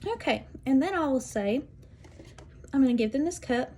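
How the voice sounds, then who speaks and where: A woman teacher demonstrating literacy activities, speaking clearly and deliberately and sounding out word parts slowly. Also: sits high, lively intonation, a little mellow, slight background noise. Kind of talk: instructional demonstration.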